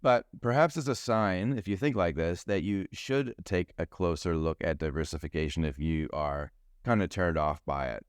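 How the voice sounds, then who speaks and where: A man's voice: low-pitched, moderate pace, clear, resonant tone, no room sound, clean studio sound. A man hosting a solo podcast, a financial advisor talking in a chatty, jokey way. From New Zealand. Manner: chatty and jokey, food metaphors. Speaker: podcast host.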